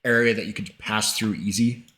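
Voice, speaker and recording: A man playing a tabletop game, agreeing quickly and suggesting plans in a casual way. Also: fairly low pitch, steady tone, bright, forceful tone. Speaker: player. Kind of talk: casual tabletop planning talk.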